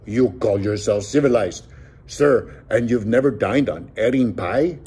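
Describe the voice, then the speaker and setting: A man's voice: fairly low pitch, measured pace, warm tone, husky, exaggerated voice. A man reading an audiobook who voices a proud, graceful bandit leader with a grand, stagey delivery. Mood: theatrical. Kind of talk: audiobook character voice.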